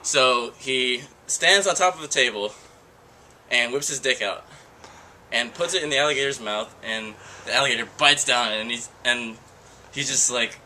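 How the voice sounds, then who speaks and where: A man's voice: medium pitch, moderate pace, bright, forceful tone, poor audio. A young man telling crude jokes among friends, laughing at his own lines and losing track. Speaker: joke teller. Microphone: handheld camcorder. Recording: faint background noise, home camcorder.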